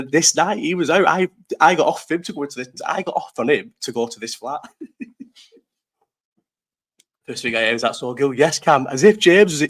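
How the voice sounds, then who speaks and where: A man in his thirties hosting a casual live chat, rambling through stories, swearing freely and laughing often. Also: on the high side. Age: 30s. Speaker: live stream host. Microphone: desk mic set too low.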